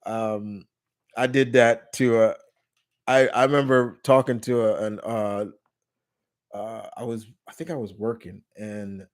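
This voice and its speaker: A man's voice: fairly low pitch, steady tone, a little slow. A man from New York with a New York accent, hosting a casual live Q&A stream, rambling through restarts and fillers, blunt and jokey with casual swearing. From New York, USA.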